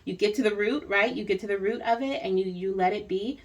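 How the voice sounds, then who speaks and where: A woman giving a spiritual reading in a relaxed, chatty way. She wanders through her thoughts with many fillers and tag questions, and her voice sits at an ordinary pitch. She is recorded from a little way off the mic. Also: a little fast, recorded from a distance. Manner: rambling, reassuring, frequent fillers and tag questions. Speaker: spiritual reader.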